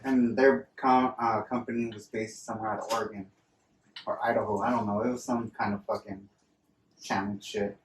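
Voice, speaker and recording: A man's voice: on the low side, flat delivery, moderate pace, recorded from a distance, slight background noise. Casual male co-host, swears a lot, rambles, off-mic in a roomy space. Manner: profane, rambling storyteller. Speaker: podcast co-host. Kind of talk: casual chat. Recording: roomy sound, voice away from mic, faint ambience.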